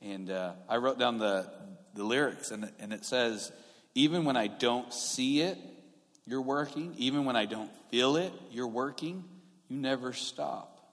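A man's voice: medium pitch, unhurried, fairly bright tone. A man preaching a sermon in a conversational way, growing emphatic and often restarting his sentences. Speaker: pastor. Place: church sanctuary. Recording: long hall reverb.

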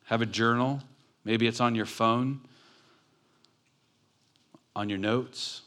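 A man's voice: mid-range voice, steady tone, takes it slowly, fairly bright tone. A man preaching a sermon in a church, talking in a conversational, joking way with his congregation. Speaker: pastor. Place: church building.

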